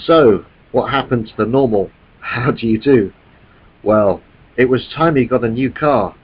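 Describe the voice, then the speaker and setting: A man's voice: medium pitch, unhurried, slightly rough, highs cut off. A man dubbing a movie clip as a careless man who drove the car drunk, answering in a flippant, offhand way.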